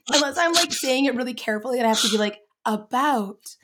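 A woman's voice: high-pitched, fast talker, background noise. A woman with a Canadian accent chatting casually, laughing often as she talks. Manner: giggly, animated, laughs often while talking. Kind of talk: casual chat.

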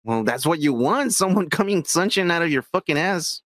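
A man's voice: fairly high pitch, lively intonation, fairly quick, fairly bright tone, no echo, studio quality. A man co-hosting a podcast, cheery and teasing, laughing a lot in a crude casual chat. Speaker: podcast co-host.

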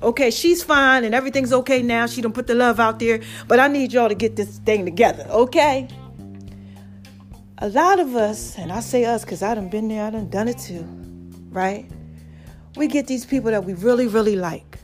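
Over soft background music, a woman speaks at a moderate pace in a fairly high voice, hosting her podcast and casually telling a story. She addresses her audience directly and leans on "baby" and "okay."

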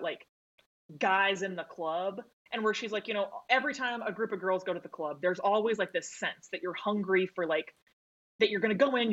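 A woman co-hosting a podcast in casual film talk, chatty and quick to laugh, swearing freely. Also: medium pitch, fairly bright tone, dull audio. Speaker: podcast co-host.

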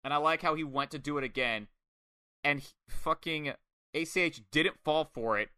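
A man casually reviewing a wrestling match, excitable and swearing often, acting out lines in quoted voices. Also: on the high side, normal speed, clean tone, no echo, clean studio sound. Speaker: podcast co-host.

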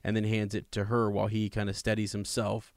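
A man's voice: on the low side, monotone, brisk, no echo, studio quality. A man in casual conversation about a book, talking in a rambling way with many restarts and emphatic asides. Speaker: podcast co-host discussing a book. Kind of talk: casual chat with read-aloud passages.

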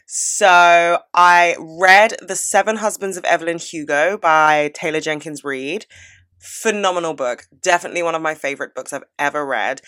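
A woman in her twenties, with a voice still lowered from a recent cold, chatting casually and gushing as she swears freely. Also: fairly even intonation, moderate pace, fairly bright tone. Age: 20s. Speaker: podcast host. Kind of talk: casual advice and life-update chat.

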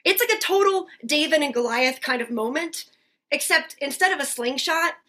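A woman's voice: sits high, lively intonation, moderate pace, pushed and bright. A woman in her forties from Massachusetts telling a self-deprecating story with comic timing. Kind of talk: personal storytelling.

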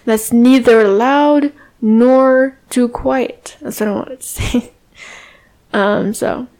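A woman giving self-help advice straight to the viewer, speaking calmly and firmly with repeated, emphatic phrasing. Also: on the high side. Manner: slow, calm and firm, with repeated emphatic phrasing. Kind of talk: talking-to-camera advice on setting boundaries.

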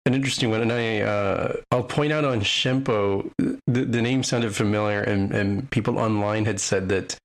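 A man in casual podcast chat, talking in a hesitant way with many pauses and fillers. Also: fairly low pitch, fairly even intonation.

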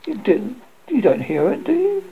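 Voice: medium pitch, wildly swooping pitch, moderate pace, husky, voice pushed up, full character voice. Peter Pan, read aloud by a storyteller. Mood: eager. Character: boastful boy hero, lively and cocky. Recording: dull lo-fi recording.

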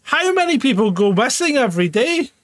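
A man's voice: very high voice, big pitch swings, brisk, a bit bright, no echo. A man co-hosting a live-streamed chat show, sweary and teasing, who laughs often. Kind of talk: casual chat. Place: home.

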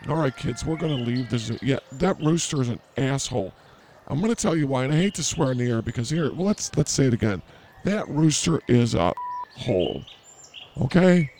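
A man's voice: mid-range voice, animated, fast talker, a little mellow, a little hiss or hum. A man hosting an improvised comedy podcast outdoors at a zoo, teasing his co-host with mock outrage and rambling jokes.

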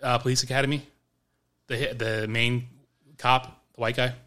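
Bright-voiced man telling a lively story. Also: medium pitch, normal speed. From New York. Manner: animated, acts out quotes, laughs mid-story. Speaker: podcast co-host. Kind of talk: casual storytelling chat.

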